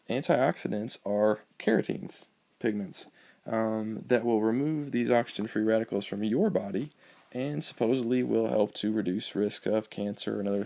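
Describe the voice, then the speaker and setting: A male biology teacher giving a recorded lecture over slides, explaining in a relaxed way with frequent ums and uhs. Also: fairly low pitch, gravelly.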